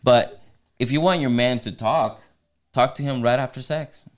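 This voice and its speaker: A man's voice: mid-range voice, normal speed. A man co-hosting a faith-based marriage podcast, talking earnestly in a casual way with frequent restarts. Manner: earnest, many restarts, teasing asides. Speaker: podcast co-host.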